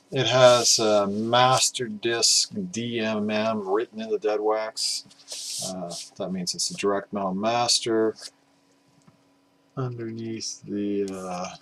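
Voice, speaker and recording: A man with a lowish voice chats through his record finds in a loose, unscripted way. He stops and restarts often, leans on "uh," and drops in the occasional casual curse. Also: steady tone, takes it slowly, a bit bright, a little hiss or hum, rough recording. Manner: rambling, hesitant, swears casually. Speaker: record collector vlogger. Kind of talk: casual vlog talk about vinyl records.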